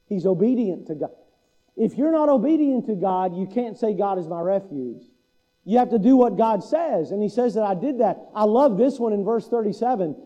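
A male pastor preaches in a high yet deeply mellow, dark-toned voice. He presses his listeners with rhetorical question after question, pushing toward urgent emphasis. The recording sounds dull and lo-fi. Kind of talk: sermon.

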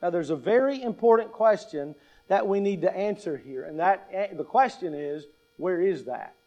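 A middle-aged pastor preaching a sermon, deliberate and emphatic, repeating key phrases and posing rhetorical questions to his listeners. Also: sits high, expressive, dark tone.

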